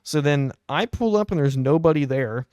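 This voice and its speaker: A young adult man hosting a podcast, telling a casual anecdote in a wry, animated way. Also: a little high, moderate pace, clear, resonant tone, no room sound, studio quality. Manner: animated, wry storytelling with quoted asides. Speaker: podcast host.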